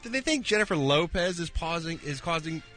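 A man co-hosting a comedy radio show, teasing his partner in an animated, mock-ranting way. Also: on the high side, fairly quick, soft background music. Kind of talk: casual comedy banter.

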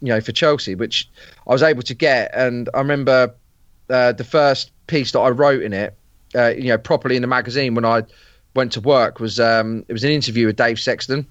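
A man's voice: medium pitch, fairly even intonation, brisk, dry recording, highs cut off. A man, a podcast guest chatting casually, rambling with plenty of fillers and restarts. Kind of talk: casual chat.

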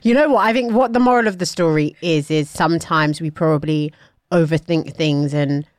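A woman's voice: low voice, no echo, studio quality. A woman, co-hosting a casual chat and reacting to stories. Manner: chatty, quick reactions, laughs along. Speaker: podcast co-host.

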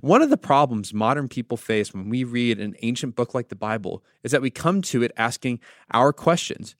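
A man's voice: medium pitch, sing-song, moderate pace, dry recording, clean studio sound. A man from the United States, a pastor hosting a devotional podcast, teaching through conversational storytelling with wry asides.

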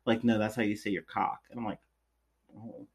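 A man co-hosting a podcast, chatting casually with profanity and swinging between loud quips and quiet asides. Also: on the low side, steady tone, a little fast, slightly rough. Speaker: podcast co-host. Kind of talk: casual chat.

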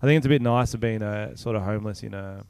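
A man from Australia hosts a podcast chat, spinning laid-back anecdotes with easy laughter. His voice is smooth and clean. The room sound is dry and close. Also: fairly low pitch, fast, darkish tone, no echo. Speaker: podcast host. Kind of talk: casual chat.

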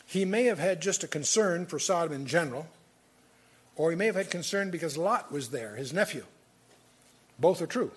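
A man's voice: fairly high pitch, animated, normal speed, slightly rough. A man leading a verse-by-verse Bible study, reading scripture aloud and then commenting on it in an easy, conversational way with frequent chuckles. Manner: chuckles often while talking.

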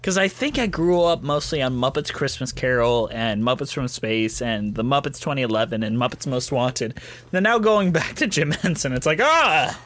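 A man's voice: mid-range voice, expressive, normal speed, a bit bright. A man co-hosting a podcast in casual, laugh-filled chat, swearing freely and talking loosely. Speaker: podcast co-host.

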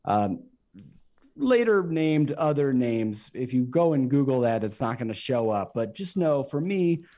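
A man's voice: mid-range voice, sing-song, measured pace, dark tone, dull audio. A man co-hosting a casual podcast, telling a story with frequent ums and restarts. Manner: hesitant, many ums and restarts. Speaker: podcast co-host.

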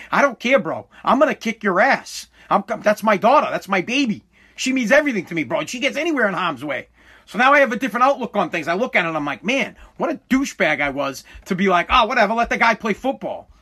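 A man's voice: high-pitched, bright, forceful tone, slightly rough. A man livestreaming to his chat, ranting in a fiery, profane way and repeating himself as he works up steam. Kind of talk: heated ranting commentary to live chat.

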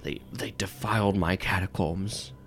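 A man's voice: deep voice, unhurried, fairly bright tone, faint music behind. A man voicing a furious missionary husband who rants bitterly. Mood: angry. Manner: bitter, ranting. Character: angry red-faced man, a missionary.

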